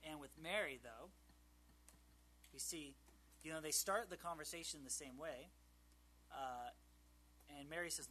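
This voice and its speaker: A man's voice: a little high, measured pace, long pauses, bright, forceful tone, a little hiss or hum. A man giving a casual, conversational Bible teaching, full of fillers and joking asides.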